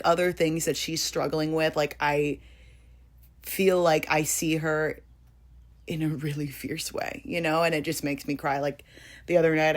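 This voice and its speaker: A woman in her twenties chatting casually about books, full of fillers and sudden high excited bursts. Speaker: vlogger.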